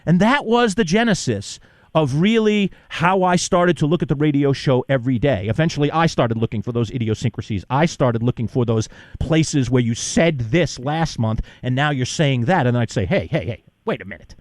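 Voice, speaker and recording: A man's voice: medium pitch, moderate pace, no room sound. A male radio host telling stories in casual chat, acting out both sides of old on-air exchanges. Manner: animated, acts out both sides of past exchanges in voices.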